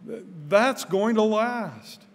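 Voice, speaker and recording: An older man preaching a sermon in a church, earnest, often repeating his first words, growing louder when stirred. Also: sits high, expressive, slow. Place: church sanctuary. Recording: church hall with long reverb.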